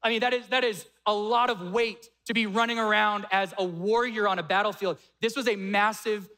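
A young man preaching a sermon, retelling a story with animated acted-out dialogue. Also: high-pitched. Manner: animated, acts out quoted dialogue. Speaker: pastor.

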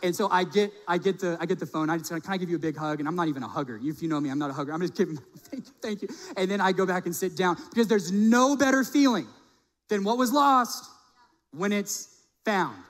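A middle-aged male pastor telling a personal story in a sermon, animated, acting out the people he quotes. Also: high voice, a little fast. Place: church sanctuary. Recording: long reverb of a large hall.

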